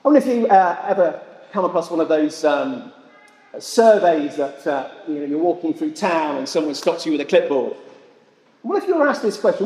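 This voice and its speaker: A man's voice: on the high side, big pitch swings, moderate pace, a little mellow. A man preaching a sermon to a church congregation, conversational and full of rhetorical questions. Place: church hall. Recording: echoey hall with long reverb.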